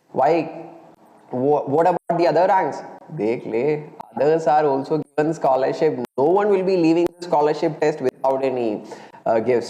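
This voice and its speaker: A man's voice: a little high, mellow. A young male physics teacher with an Indian English accent, speaking energetically to students in a live online class and mixing in Hindi phrases. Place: indoor room, live stream. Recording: roomy echo, faint background ambience.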